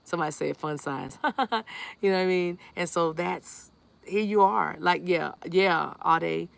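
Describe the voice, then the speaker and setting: Unhurried and creaky, this lowish voice belongs to a tarot reader doing a live session with fairly even intonation. She talks straight to viewers, reads their chat out loud, and returns often to reassuring affirmations.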